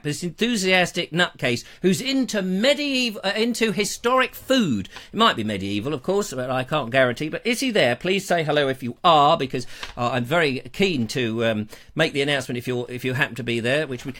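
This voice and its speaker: A man's voice: fairly high pitch, very animated, normal speed, bright, forceful tone. A middle-aged man hosting a live online show, chatting in a playful, theatrical way with teasing asides and repeated phrases. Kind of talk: rambling live-stream chat.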